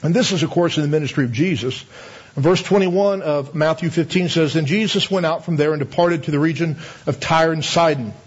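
A man's voice: on the high side, a little fast, husky. A man preaching a sermon in a conversational way, asking the audience questions and laughing now and then. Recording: slightly dull lo-fi sound.

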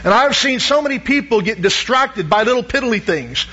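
A man's voice: very high-pitched, animated, moderate pace, sharp tone, husky, lo-fi sound. A man preaching a sermon as pastor, in a conversational way that keeps calling out questions to the congregation.

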